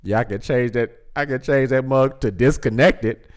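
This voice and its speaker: A man's voice: medium pitch, moderate pace. A man hosting a casual livestream, reading chat comments aloud, teasing viewers and laughing often.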